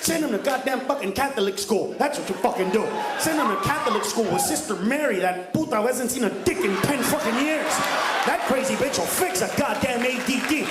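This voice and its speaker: A male stand-up comedian ranting profanely and shouting his punchlines on stage. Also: very high voice, expressive, a little fast, heavy background noise. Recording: echoey live comedy club with crowd.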